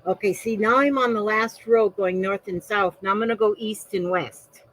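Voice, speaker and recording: A woman's voice: mid-range voice, normal speed, a bit bright, no echo, rough recording. A middle-aged woman from Florida chatting casually while crafting, often wandering off topic. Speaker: crafting vlogger. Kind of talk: casual rambling chat.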